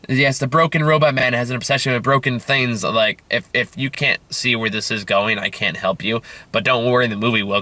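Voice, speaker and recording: A man's voice: on the low side, pushed and bright, clean tone, dry recording. A man reviewing a film in a casual rant, sarcastic and profane, rambling with lots of fillers and sounding tired.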